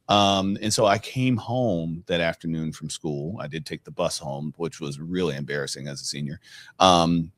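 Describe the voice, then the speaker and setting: A middle-aged man with a very low voice hosts a podcast and tells a story casually. He speaks with plenty of fillers and gets animated when he acts out the scenes. The sound is dry and close. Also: normal speed, no echo. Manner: conversational, many fillers, animated when retelling. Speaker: podcast host.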